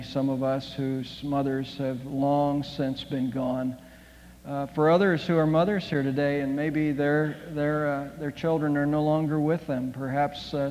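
A male pastor leading an earnest, halting prayer during a sermon. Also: medium pitch, a little mellow, lo-fi sound, slight background noise. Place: church sanctuary. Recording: long hall reverb.

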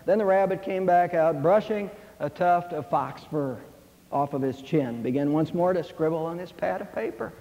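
A man's voice: a little high, moderate pace, mellow. A man preaching a sermon, telling a fable and quoting scripture earnestly and with emphasis. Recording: dull lo-fi sound in a reverberant hall.

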